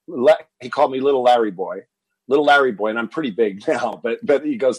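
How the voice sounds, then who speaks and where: A man's voice: mid-range voice, moderate pace, breathy edge, no room sound, poor audio. A man telling a personal story as a podcast guest, acting out what his family said. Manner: animated, acts out quoted family dialogue.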